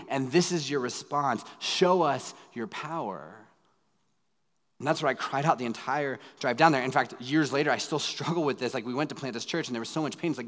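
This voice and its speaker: Man, pastor, dramatic sermon, loud pleas and hushed asides, mid-range voice, long hall echo. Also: mid-range voice, a little fast.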